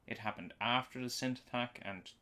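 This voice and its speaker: Bright-voiced man rambling on a podcast. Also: medium pitch, moderate pace. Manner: rambling, frequent restarts and fillers. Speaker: podcast co-host. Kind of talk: casual live episode discussion. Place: home basement.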